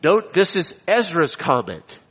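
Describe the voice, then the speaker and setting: Male preacher, a bit high-pitched, emphatic and repetitive, recorded with a long hall echo. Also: very animated, fairly bright tone, husky. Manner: emphatic, repeats key phrases, slows down for stress. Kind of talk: expository sermon with scripture reading. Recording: long reverb of a large hall.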